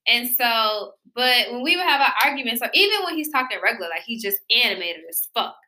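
A woman co-hosting a podcast in casual chat, telling an animated story and swearing freely. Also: on the high side, a little fast. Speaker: podcast co-host.

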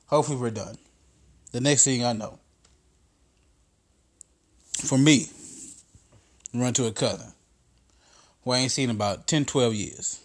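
A man's voice: medium pitch, measured pace, pauses often. A man hosting a podcast, telling a profane comedic story in a casual monologue that builds into exasperated rants. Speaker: podcast host.

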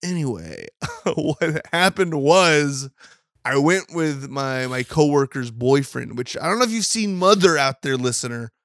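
A man co-hosting a podcast tells stories with a lot of swing in his voice and swears freely. He sits a little above the usual pitch for a man, and the recording is close and dry. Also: measured pace, no echo. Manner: animated storytelling, swears, mock indignation. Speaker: podcast co-host. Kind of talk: casual chat.

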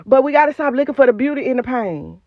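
A woman's voice: high voice, animated, fast, no echo, phone-quality sound. A woman hosting a podcast, giving an emphatic, repetitive, preacherly motivational talk recorded on her phone. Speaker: podcast host.

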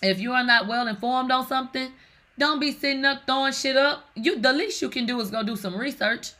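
A woman's voice: sits high, fairly quick. A woman hosting casual gossip commentary in a sassy, slangy way, reading out online comments and reacting to them. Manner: sassy, animated, slangy, reads comments aloud. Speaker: commentary host.

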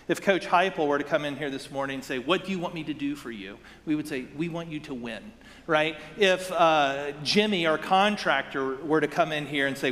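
A man's voice: fairly high pitch, fairly bright tone, long reverb tail, slight background noise. A man giving a sermon as pastor, praying and then preaching in a conversational way, with many rhetorical questions and asides to the congregation.

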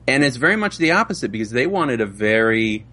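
Speaking in a sing-song, brisk, sharp-toned medium voice, a voice actor guest chats in a casual interview. He's an adult father and laughs often.

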